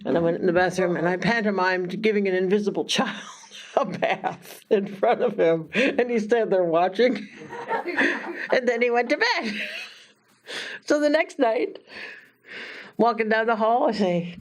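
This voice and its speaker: A woman minister with a mid-range voice tells a personal story in a halting, chatty way. She laughs often and brings her quotes to life with lively voices.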